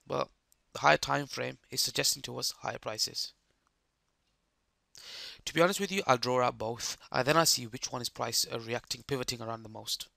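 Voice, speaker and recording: A man with a hoarse, croaky voice giving live trading commentary, explaining chart steps and checking that the viewers follow. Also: medium pitch, moderate pace, pushed and bright, no room sound, clean studio sound. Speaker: trading streamer.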